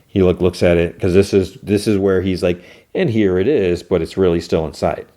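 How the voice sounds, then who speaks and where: Man, podcast host, rambling casual recap, filler words, mellow tone. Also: sits low, level tone, brisk. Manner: rambling, many filler words, acts out dialogue.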